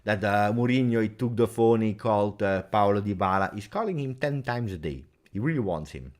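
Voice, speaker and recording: Brief: male stream host, low voice with a lively, swinging delivery, chatty Q&A. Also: a little fast. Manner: chatty, animated, talks straight to viewers. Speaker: football fan channel host. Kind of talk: livestream Q&A chat.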